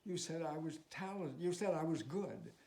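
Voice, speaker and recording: A man's voice: animated, normal speed, creaky, warm tone. A man voicing an earnest, stubborn young girl who keeps pressing with pleading questions. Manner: pleading questions, slightly raised pitch. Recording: roomy echo, faint noise.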